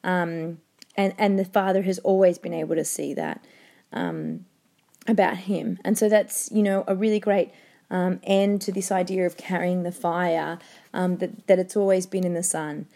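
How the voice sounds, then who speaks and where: A woman's voice: on the low side, moderate pace, gravelly, warm tone. A woman teacher reading a novel aloud to her class and discussing it, with frequent ums and restarts.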